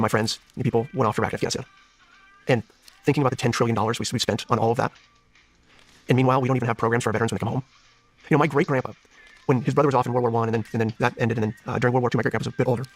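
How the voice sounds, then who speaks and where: Male candidate, 30s, earnest and searching, quick delivery, slightly husky tone. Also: medium pitch, steady tone. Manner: earnest, searching, many restarts. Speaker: political candidate, guest. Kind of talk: interview conversation.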